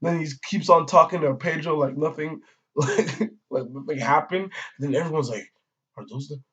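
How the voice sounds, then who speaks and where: A fairly bright, slightly breathy male voice on the high side moves at a normal speed. The speaker is a manga reviewer giving a casual, meandering review of a comic chapter, heavy on slang, swearing and filler words. The audio-only recording has a dull, lo-fi quality.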